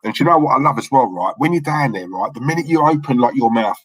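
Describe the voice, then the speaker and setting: A young man with a London-Essex accent hosts a casual livestream, answering chat messages in a laddish, joking way. His voice sits at an ordinary middle pitch. The sound is dry and close, with no room echo. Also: lively intonation, quick pace, slightly rough. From London area, England. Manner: laddish, jokey, says mate a lot. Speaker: livestream co-host reading chat.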